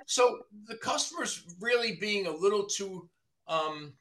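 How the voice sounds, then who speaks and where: A man, a body shop owner from the New Jersey area, ranting in casual podcast chat, profane and animated. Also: sits high, a little slow.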